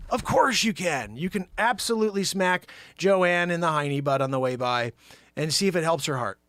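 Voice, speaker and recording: A man hosting his own show, riffing an improvised comedy monologue with sudden loud shouted bursts. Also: high voice, moderate pace, no echo. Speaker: show host.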